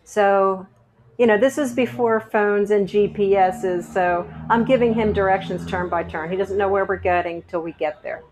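A middle-aged woman sharing her personal faith story in a conversational interview, animated and chatty, acting out the dialogue she quotes. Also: mid-range voice, moderate pace, slight background noise. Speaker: guest sharing her testimony.

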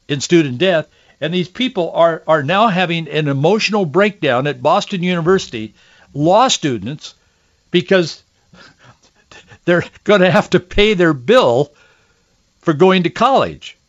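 A man hosting a political talk show, giving indignant, sarcastic commentary, often restarting his sentences. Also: on the high side. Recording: dull lo-fi audio.

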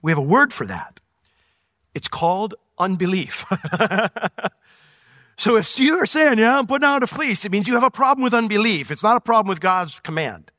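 Animated high-voiced male Bible teacher. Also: moderate pace, pauses often, dry recording, clean studio sound. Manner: animated, swings between loud emphasis and quiet asides. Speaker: pastor.

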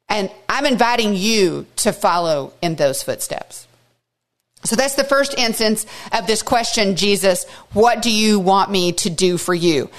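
A woman teaching a Bible study, reading scripture aloud with emphatic, expressive asides. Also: medium pitch.

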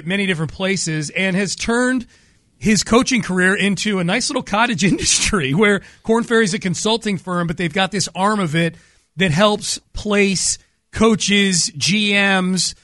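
A man's voice: sits high, fairly bright tone, dry recording, clean studio sound. A man co-hosting a sports talk show, chatty and joking. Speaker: sports radio co-host.

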